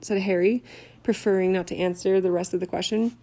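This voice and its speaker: A woman narrating an amateur audiobook reading at a steady pace, with occasional stumbles over words. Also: mid-range voice, brisk. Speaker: audiobook reader.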